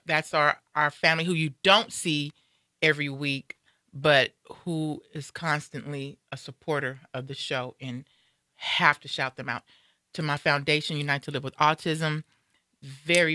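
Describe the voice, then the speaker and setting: A woman hosts a relaxed live talk show in a bright, clear voice. She chats loosely, circling back with fillers and restarts. The sound is dry and close. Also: sits low, normal speed, no echo. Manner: chatty and rambling, with many fillers and restarts. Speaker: host.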